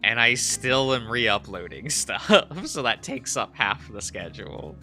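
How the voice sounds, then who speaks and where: A man's voice: fairly low pitch, measured pace, bright, forceful tone, soft background music. A man chatting casually on a stream while drawing, giggling often and rambling as he searches for words. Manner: giggly, laughs often between phrases.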